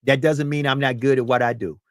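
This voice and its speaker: A man in his fifties hosting a podcast chat, middle-pitched and emphatic. He preaches his points and often repeats words. The sound is dry, with no room echo. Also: steady tone, brisk. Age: 50s. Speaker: podcast host. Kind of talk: casual chat.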